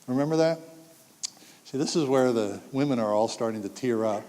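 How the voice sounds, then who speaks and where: A man's voice: medium pitch, moderate pace, noisy background. A man in his sixties speaking to an audience of parents, telling stories with acted-out quotes and jokes. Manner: animated storytelling, acts out quotes, jokes with the audience. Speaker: speaker giving a talk to parents. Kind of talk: public talk to an audience. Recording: long hall reverb.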